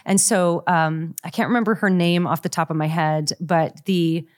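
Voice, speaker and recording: A woman explains things in a chatty, amused manner, clearly enjoying the story she tells. Her voice sits a little lower than most women's, easy and conversational. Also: steady tone, normal speed. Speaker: author guest. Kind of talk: casual conversational interview.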